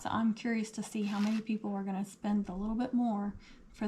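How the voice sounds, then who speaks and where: A woman hosting a casual craft livestream, her voice a little hoarse, chatting and answering viewer comments as she works. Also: medium pitch, steady tone, normal speed, mellow, a little hiss or hum. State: losing her voice.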